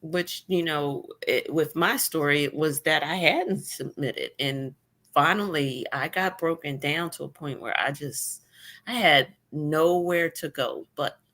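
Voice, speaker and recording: A woman with a notably low voice speaks candidly and with wry humor as a guest. She is middle-aged and talks in a casual conversation over a video call. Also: vocal fry, a bit bright. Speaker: guest, cancer survivor blogger. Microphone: remote video call.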